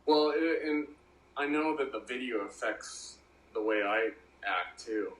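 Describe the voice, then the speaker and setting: A man's voice: medium pitch, a little slow, a bit bright, echoey room, low-quality recording. A man co-hosting a casual chat, agreeable, chiming in with frequent mm-hmms. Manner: agreeable, lots of backchannel mm-hmms. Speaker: podcast co-host.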